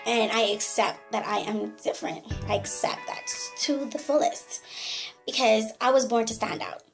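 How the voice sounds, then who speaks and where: Her pitch is fairly high and a bit gravelly, her speed normal, with soft music playing behind her. She's a young Bahamian woman filming a candid vlog while trudging uphill in hot sun, a little short of breath, amid noisy outdoor sound.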